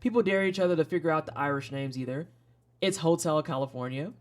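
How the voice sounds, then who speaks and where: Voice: mid-range voice, quick pace, a little mellow. A streamer with a Midwestern American accent, chatting casually and frankly while playing game demos, rambling into asides and swearing freely. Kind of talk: casual live-stream commentary.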